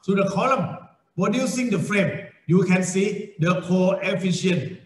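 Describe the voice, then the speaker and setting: A middle-aged man with a Thai accent, a native Thai speaker lecturing on engineering, slow and repetitive, with frequent okays and restarts. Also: sits high, roomy sound, low-quality recording. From Thailand. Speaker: university lecturer.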